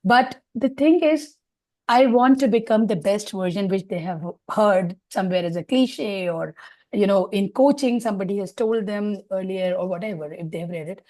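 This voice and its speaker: A woman's voice: medium pitch, normal speed, dark tone, no room sound. A woman leadership coach sharing her view in an online group discussion, earnest and hesitant with many fillers.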